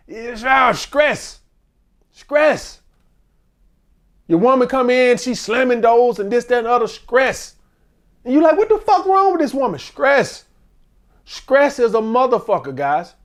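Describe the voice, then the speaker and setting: Profane, high-pitched American man ranting. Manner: blunt, profane, animated rant. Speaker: dating advice host. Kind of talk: casual monologue.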